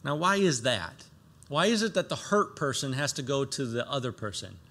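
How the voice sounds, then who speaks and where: A man preaching with a bright, forceful tone at a middle pitch. He reads scripture aloud and then explains it earnestly. He rises to emphatic lines and drops to soft, low asides. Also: very animated, normal speed. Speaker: pastor. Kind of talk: sermon.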